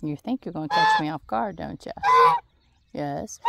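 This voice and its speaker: A woman on her farm garden, talking to her geese in a coaxing, gently scolding way while filming on a handheld phone. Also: deep voice, huge pitch swings, normal speed, gravelly, long pauses. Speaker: farm vlogger. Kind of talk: casual talk to animals while filming. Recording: loud outdoor noise, geese honking. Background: geese honking.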